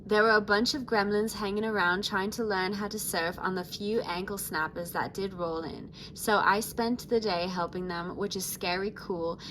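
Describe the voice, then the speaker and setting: Chill teen sea monster surfer girl reading her diary, soft and easy, as a lady reads it out. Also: medium pitch, slight background noise, natural voice, poor audio.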